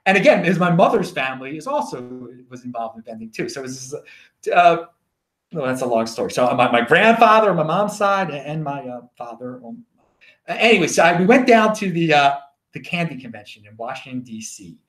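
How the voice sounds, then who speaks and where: A man with a Baltimore accent hosting his own show, telling stories in a rambling, animated casual monologue. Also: a little high, brisk, reverberant. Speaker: show host.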